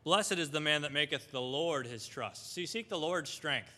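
A man's voice: fairly high pitch, animated, normal speed, pushed and bright, in a large hall. A man preaching a sermon, reading scripture aloud in old wording and asking the listeners questions.

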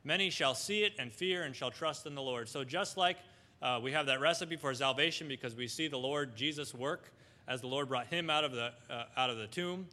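A man's voice: medium pitch, fairly quick, pushed and bright, in a large hall. A man preaching a sermon, reading scripture aloud in old wording and asking the listeners questions.

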